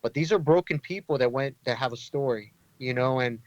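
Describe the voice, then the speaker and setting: A man leads an inner-city ministry and speaks as a podcast guest. His voice sits at a middle pitch and he talks earnestly, with lots of "um" and restarts. The sound is dry and a little dull. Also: fairly quick, no echo. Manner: earnest, conversational, many fillers and restarts. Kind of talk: storytelling in a casual interview.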